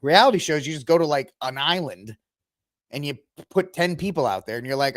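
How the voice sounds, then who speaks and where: A man's voice: fairly high pitch, brisk, no room sound, clean studio sound. A man hosting a casual commentary podcast, sarcastic and mocking, often putting on voices to quote people. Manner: sarcastic, animated, mocking voices when quoting. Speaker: podcast host.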